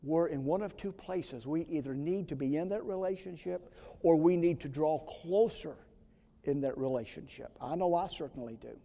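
A man preaching a sermon as pastor, swinging between loud emphasis and hushed whispers. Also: fairly high pitch, moderate pace, creaky. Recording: long reverb of a large hall.

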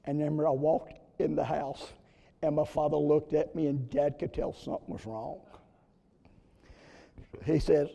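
A man preaching a sermon, telling a story in an earnest way with sudden loud rises. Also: a little high, steady tone, a little slow, vocal fry, long pauses. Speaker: pastor. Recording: long reverb of a church hall.

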